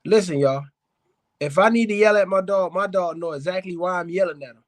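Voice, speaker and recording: A man's voice: high voice, fairly quick. A man hosting a casual dog-advice talk, speaking straight to his viewers with blunt, emphatic repetition and calling them fam and y'all. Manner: blunt, emphatic, repeats himself for stress. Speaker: dog breeder and podcast host.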